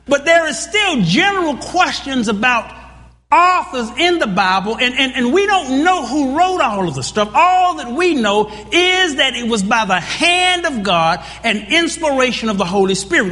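A man preaches in a church with a very high, lively voice that swoops up and down. His tone is bright and sharp, and he presses his points with questions to the congregation and repeated words. A long hall reverb trails every phrase. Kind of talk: sermon.

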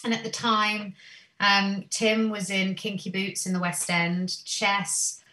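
A woman, a singer, telling stories from her career in a chatty, animated way with many "um"s. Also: medium pitch, slow pace, distant mic. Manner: animated storyteller, many "um"s, laughs easily. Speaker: guest singer. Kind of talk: casual interview chat.

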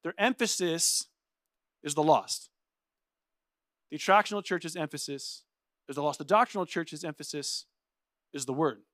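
High-voiced, animated young pastor. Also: male voice, moderate pace, long pauses, no room sound, studio quality. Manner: casual, energetic, says "like" often; animated and playful. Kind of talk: sermon.

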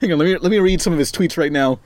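A man's voice: on the high side, very fast, a little mellow, no room sound. A man hosting a casual podcast chat who rambles, stumbles over his words and swears freely. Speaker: podcast host.

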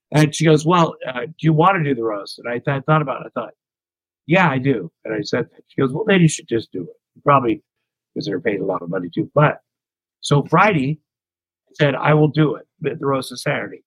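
A man's voice: mid-range voice, no echo, dull audio. A middle-aged man from the United States, a comedian telling candid stories as an interview guest, rambling and self-deprecating. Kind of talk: candid anecdotal storytelling.

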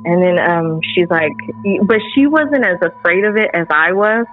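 Animated woman telling a story over a tinny line. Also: lowish voice, moderate pace, faint music behind. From Central Texas. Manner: animated, laughing often, acting out quoted lines. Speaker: guest. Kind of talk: casual storytelling.

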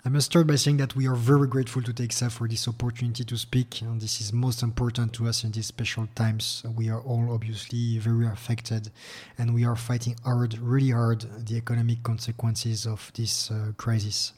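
A middle-aged man with a French accent, a regional bank executive giving a formal business interview, measured and full of fillers and repeated words. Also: medium pitch, level tone, a little mellow. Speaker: regional head at a public investment bank.

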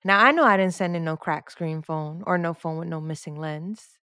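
A woman's voice: normal speed, clean tone, dry recording. Podcast co-host, woman, 30s, chatty storyteller who acts out each person she quotes; dry, close mic. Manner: animated, quotes others in lowered voice, rises when exasperated. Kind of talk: casual storytelling chat.

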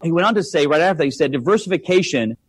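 A man's voice: on the high side, racing, dry recording. A man talking money on a podcast, emphatic, full of rhetorical questions. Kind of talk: casual podcast chat.

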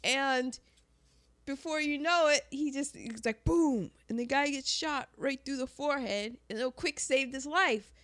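A high, bright-voiced woman, as a podcast co-host, talks through a film in an animated way. She laughs easily and slips into quick character bits as she retells scenes. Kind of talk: casual movie chat.

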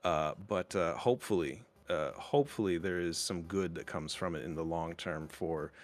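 Low-voiced man hosting a casual chat. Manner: halting, many fillers and restarts. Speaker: podcast host.

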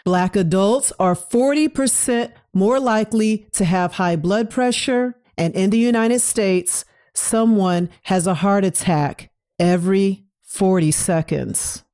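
A woman hosting a podcast, opening with a measured, deliberate introduction. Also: medium pitch, warm tone. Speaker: podcast host. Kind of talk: scripted podcast intro and interview.

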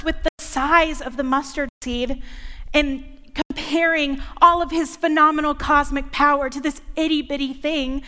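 A woman's voice: sits high, sharp tone, long reverb tail. A young woman preaching a sermon, playful and joking as she talks.

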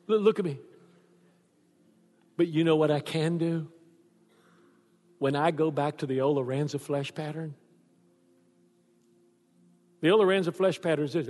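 A pastor preaches a sermon, animatedly telling stories and acting out the voices of the people he quotes. His voice sits on the high side, he speaks at a normal speed with long pauses, and a long hall reverb surrounds him.

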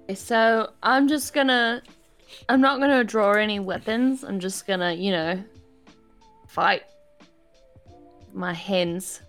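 A woman's voice: mid-range voice, slow pace, long pauses, a bit bright, faint music behind. A woman playing a tabletop game, describing her moves hesitantly with many fillers. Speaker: player. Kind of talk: casual tabletop play.

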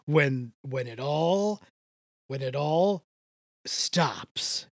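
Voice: mid-range voice, expressive, drawn-out words, no echo, clean studio sound. A podcast co-host in casual chat, ranting with passion and swearing a lot.

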